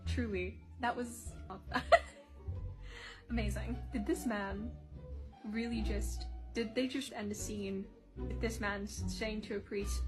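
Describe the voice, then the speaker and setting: A woman with a fairly high voice reacts to a TV series in loose, casual commentary. She is excitable, breaks into laughter often and swears without a second thought. Clear music from the show plays underneath her. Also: measured pace.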